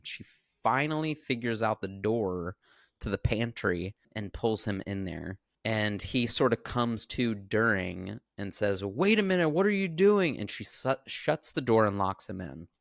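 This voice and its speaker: A man co-hosting a podcast, casually recapping a film in animated, profane storytelling. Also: on the low side, unhurried, vocal fry, no echo, studio quality. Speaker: podcast co-host.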